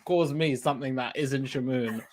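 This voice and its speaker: A man's voice: mid-range voice, normal speed, a loud crowd. A young man co-hosting a casual group chat, ranting and swearing heavily. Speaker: podcast co-host.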